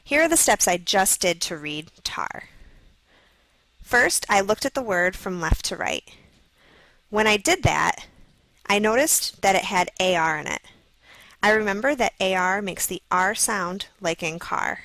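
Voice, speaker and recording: A woman with a gravelly edge reads a scripted phonics lesson, slowly and clearly sounding out each letter. The recording is dry and close, with no room sound. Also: medium pitch, animated, fairly bright tone, no room sound, rough recording. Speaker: lesson video narrator. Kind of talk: scripted instructional narration.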